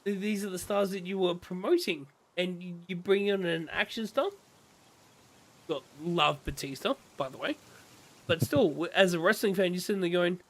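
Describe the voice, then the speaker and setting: A man's voice: high voice, measured pace, pauses often. A man on a casual game stream, ranting passionately and playing out other people's reactions. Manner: impassioned wrestling rant with excited mimicry. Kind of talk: casual gaming stream chat.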